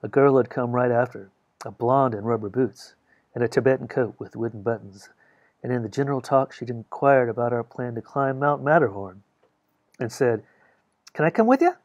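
A man reading a novel aloud as an audiobook, in a measured storytelling manner. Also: medium pitch, fairly even intonation, darkish tone, dry recording, lo-fi sound. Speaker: audiobook reader. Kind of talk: audiobook narration.

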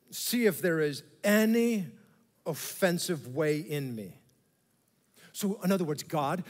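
A high-voiced man preaches to his congregation in a big church hall, and his voice rings with a long reverb. He tells an animated story, slipping into mock voices and turning often to the crowd with asides. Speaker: pastor. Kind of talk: sermon.

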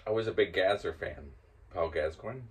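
An older man hosting and casually telling a story, growing loud and laughing as it builds. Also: low voice, moderate pace. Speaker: host.

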